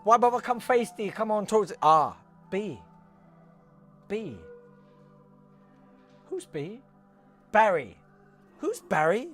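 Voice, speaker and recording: A man's voice: high-pitched, sing-song, takes it slowly, long pauses, fairly bright tone, pitched above the performer's own voice, heavily acted. Give me a man playing a shifty psychic chicken hamming up a séance, with faint music under it. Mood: theatrical.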